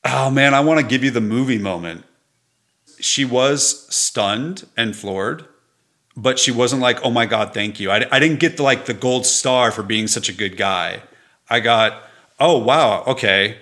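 A man's voice: medium pitch, unhurried, bright, forceful tone. A middle-aged entrepreneur speaking candidly and reflectively as a guest in an interview, sometimes laughing as he tells his stories. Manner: earnest, reflective, laughs while telling stories.

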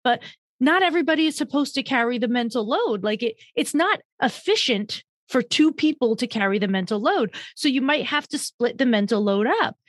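A woman's voice: a little high, lively intonation, moderate pace, no echo, clean studio sound. A woman hosting an interview, explaining her views on roles and shared workload in a confident, reasoned way. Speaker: host. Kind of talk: interview discussion.

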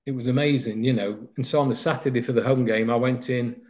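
A man's voice: mid-range voice, steady tone, fast talker, darkish tone. A man, recalling his footballing days in a rambling, anecdotal interview with many fillers. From Nottinghamshire, England. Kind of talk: reminiscing interview. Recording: slightly dull lo-fi sound.

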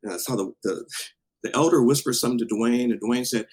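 A man casually telling a story from his past, animated and acting out what people said, with some swearing. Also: mid-range voice, fast talker, slightly rough, low-quality recording. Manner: animated, acts out quotes, swears.

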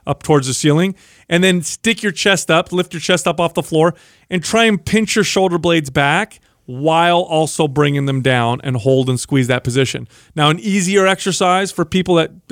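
A man's voice: on the high side, moderate pace, dry recording, clean studio sound. A man co-hosting a fitness podcast, walking listeners through exercises step by step. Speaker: podcast co-host. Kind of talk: casual fitness podcast chat.

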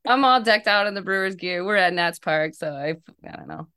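A woman co-hosting a fan podcast, telling stories in a casual, animated way with frequent laughter. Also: medium pitch, a little fast, clean tone. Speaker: podcast co-host. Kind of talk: casual chat.

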